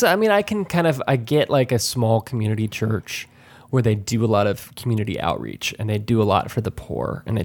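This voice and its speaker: A man's voice: lowish voice, darkish tone. A man in casual chat, speaking bluntly and with profanity.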